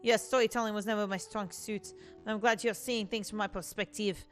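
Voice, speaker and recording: A woman's voice: mid-range voice, fairly even intonation, brisk, faint music behind, natural voice. A woman voicing a scheming male prisoner who fakes a foreign prince, theatrical and evasive, with a put-on accent. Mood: storytelling. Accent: put-on Spanish then French.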